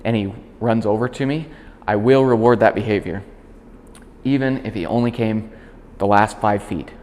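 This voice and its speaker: A man working as a dog trainer, calmly explaining a demonstration and switching to short, clear commands for the puppy. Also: fairly low pitch, moderate pace, long reverb tail, a little hiss or hum. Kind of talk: instructional demonstration.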